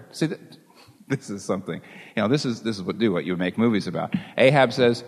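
A man's voice: lowish voice, a little fast, slightly rough. Storytelling male preacher in a hall. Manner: lively storytelling, chuckles at the story. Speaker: pastor. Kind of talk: sermon.

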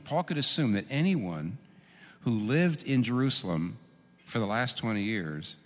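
A man preaching a sermon, teaching in an animated, humorous way with quick asides. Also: medium pitch. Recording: long reverb in a large hall.

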